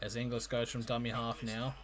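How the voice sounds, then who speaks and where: A man calling a rugby league match live for his stream, in an amateur play-by-play style that jumps in excitement and often stumbles and corrects himself. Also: medium pitch, fairly quick. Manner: excitable, frequent restarts and self-corrections.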